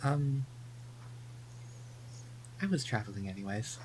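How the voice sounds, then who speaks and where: A player in a tabletop fantasy game, answering casually and quietly. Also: mid-range voice, animated, slow, slight background noise, poor audio.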